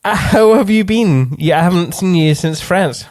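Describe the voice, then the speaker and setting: A man's voice: sits high, expressive, measured pace, darkish tone. Chatty, bumbling male podcast host. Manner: bumbling, chatty, self-deprecating. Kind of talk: casual interview chat.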